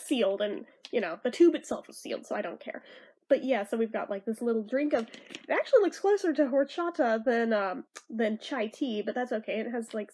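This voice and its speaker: A woman's voice: a little high, a little mellow. A woman with a stuffy nose chatting through a casual product review, bubbly and easily sidetracked.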